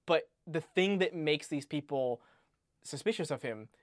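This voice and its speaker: A man with a fairly high voice talks in a loose, rambling way, restarting sentences and tossing in casual swears. The sound is close and dry, with no room behind him. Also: expressive, a little slow, dry recording. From United States. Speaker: podcast co-host discussing a book. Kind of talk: casual chat.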